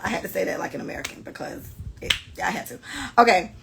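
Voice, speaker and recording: A young woman in her twenties hosting a podcast, telling stories in a blunt, profane, animated way. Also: mid-range voice, fast, vocal fry, poor audio. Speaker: podcast host. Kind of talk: casual storytelling podcast.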